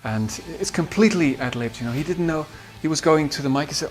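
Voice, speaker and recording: A man with a Dutch accent, a musician recalling studio sessions in a halting way with many fillers. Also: mid-range voice. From Netherlands. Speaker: musician and producer. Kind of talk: behind-the-scenes recollection.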